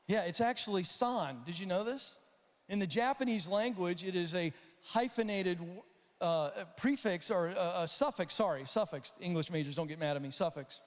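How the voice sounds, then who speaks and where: A high-pitched man telling stories from a conference stage, throwing himself into the voices and shouts of the people he describes. His voice carries a long reverb from the large hall around him. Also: normal speed. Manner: animated storyteller acting out voices and shouts. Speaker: conference speaker. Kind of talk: storytelling keynote talk.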